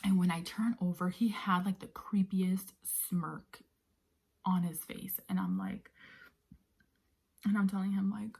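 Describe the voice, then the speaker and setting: Soft-spoken woman with a husky, breathy voice. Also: mid-range voice, steady tone, unhurried, pauses often. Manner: often drops to a breathy near-whisper; conversational with many fillers like "you know". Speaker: vlogger telling a story. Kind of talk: casual storytime vlog.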